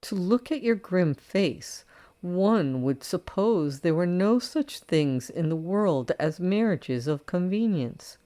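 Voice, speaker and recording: A woman's voice: fairly low pitch, expressive, takes it slowly, warm tone, voice pushed up. A woman reading an audiobook, voicing a wealthy older woman who answers her critics in a dry, self-assured and cutting way. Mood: sardonic.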